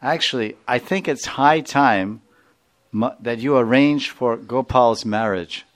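A man's voice: mid-range voice, takes it slowly, natural voice. A man voicing a knowing woman confidante who makes a sly, teasing suggestion.

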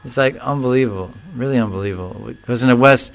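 A man giving a devotional discourse, explaining verses and telling a story in an animated way, now and then acting out the people in it. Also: mid-range voice, rough recording. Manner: animated storyteller who acts out quoted voices and chuckles; recites Sanskrit verse slowly, then explains it. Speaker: spiritual teacher.

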